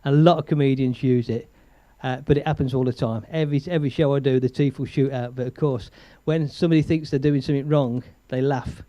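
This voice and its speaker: An older comedian hosting a live stream, chatting in a rambling way and telling jokes, with frequent chuckles and thanks to viewers. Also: male voice, medium pitch, fairly even intonation, fast talker, few pauses, mellow, dry recording. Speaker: comedian host.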